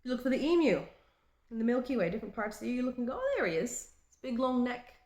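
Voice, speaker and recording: A woman from Australia in her late twenties or thirties, with an Australian accent, talking in a halting and reflective way in a personal vlog. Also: a little high, darkish tone. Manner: halting and reflective, with frequent restarts. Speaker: vlogger. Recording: roomy echo.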